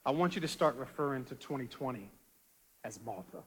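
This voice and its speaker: A male pastor preaching a dramatic sermon, swinging from quiet low asides to loud rising appeals. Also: lively intonation, fairly quick, husky, in a large hall.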